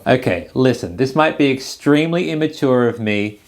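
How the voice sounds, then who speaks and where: A man's voice: medium pitch, expressive, moderate pace, hardly any pauses, darkish tone. A man, hosting comic commentary on tabloid clippings with wry, incredulous reactions. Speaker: host.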